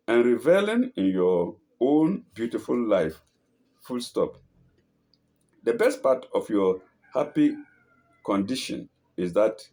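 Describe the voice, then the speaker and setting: Male host, low-ish voice, very slow, lively pitch; reads text aloud, repeats phrases, dictates punctuation, adds pleased asides. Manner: delighted asides, chuckles at the text. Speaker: host reading inspirational pieces aloud. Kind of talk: reading aloud with commentary.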